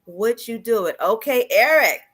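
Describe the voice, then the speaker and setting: A woman's voice: fairly high pitch, lively intonation, moderate pace, fairly bright tone, breathy edge. A woman hosting a livestream, talking upbeat and greeting viewers in the chat. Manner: upbeat, addressing online viewers. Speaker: livestream host. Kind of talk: livestream interview.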